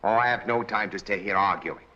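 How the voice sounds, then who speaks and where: An actor playing an impatient, scornful husband in a 1940s film, speaking brusquely. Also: male voice, on the low side, brisk, bright, forceful tone. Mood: mocking. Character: impatient husband, curt and mocking. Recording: dull, noisy old film soundtrack.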